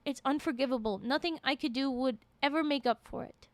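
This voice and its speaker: A woman voicing a remorseful male doctor who speaks softly and haltingly, read aloud in a story. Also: high-pitched, no echo, natural voice. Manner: soft, halting apologies.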